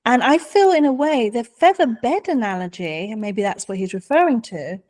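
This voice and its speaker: A middle-aged woman telling stories in a conversation, animated and acting out the voices of the people in them. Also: fairly high pitch, moderate pace. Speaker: guest, mentor. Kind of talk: conversational storytelling.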